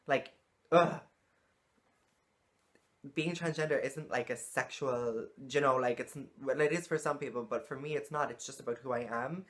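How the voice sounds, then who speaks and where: A woman's voice: extremely low pitch, moderate pace. Woman ranting casually to camera, blunt, swears a lot. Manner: frank, exasperated, swears freely. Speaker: vlogger. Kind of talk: casual vlog monologue.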